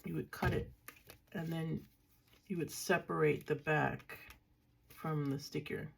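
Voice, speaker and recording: With a low-pitched, slightly rough voice marked by vocal fry, this older craft vlogger talks unhurriedly and with fairly even intonation. She casually goes through her washi tape collection in a show-and-tell, thinking aloud and making dry jokes at her own expense.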